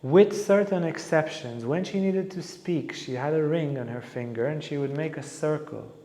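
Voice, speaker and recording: Speaking at a moderate pace in a slightly high voice, this spiritual teacher brings a story to life and performs the quoted lines of its characters. Hall reverb echoes around him.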